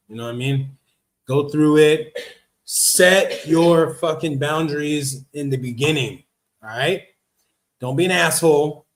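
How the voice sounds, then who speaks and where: A man hosting a casual livestream Q&A, reading viewer comments aloud and answering in a slangy, laid-back way. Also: mid-range voice. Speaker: livestream host.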